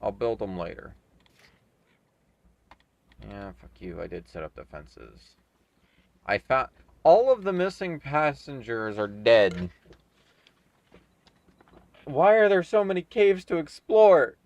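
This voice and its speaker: A man's voice: medium pitch, sing-song, slow pace, long pauses, a little mellow. A man streaming a game, chatting in a laid-back, offhand way and swearing casually. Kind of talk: casual chat while gaming.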